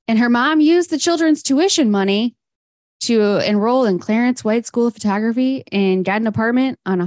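A woman's voice: fairly high pitch, a little mellow, no echo, studio quality. A woman co-hosting a podcast, recounting a life story in a casual, chatty way with fillers. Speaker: podcast co-host. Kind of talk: casual history chat.

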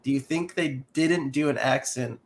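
A man chatting casually on a podcast, rambling with halting restarts. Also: medium pitch. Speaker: podcast co-host. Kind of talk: casual chat.

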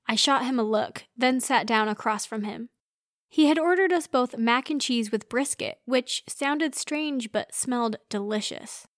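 A woman reads a first-person story aloud with earnest expression. Her voice sits fairly high, and the recording is dry and close. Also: normal speed, no room sound. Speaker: narrator.

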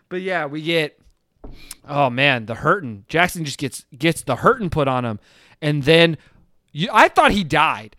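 A man's voice: a little high, unhurried, no room sound. A man co-hosting a casual podcast, recapping a movie, laughing often and acting out characters' lines. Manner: animated, laughs often, acts out lines in shouted voices. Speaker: podcast co-host.

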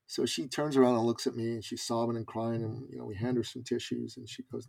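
Gravelly, husky man telling a story. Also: medium pitch, a little fast, hardly any pauses. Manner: animated storyteller with casual fillers. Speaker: podcast guest, business coach. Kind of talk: conversational storytelling.

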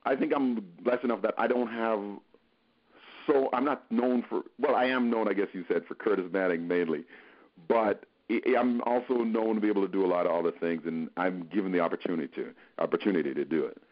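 Male actor, podcast guest, low voice, earnest, encouraging, muffled lo-fi recording. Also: fairly even intonation, a little fast. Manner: earnest, encouraging, thinks aloud. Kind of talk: casual podcast interview. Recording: dull lo-fi podcast audio.

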